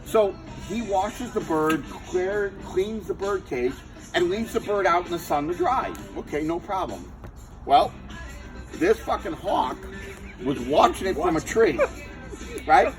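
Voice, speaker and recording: A man casually telling a rambling story to friends, animated and swearing freely. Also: high-pitched, a little slow, over music, crowd noise, low-quality recording.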